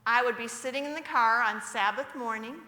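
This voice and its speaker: Bright-voiced woman preaching in a church. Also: a little high, fairly quick. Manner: asks the audience questions. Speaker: church speaker. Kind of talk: sermon. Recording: echoey church hall.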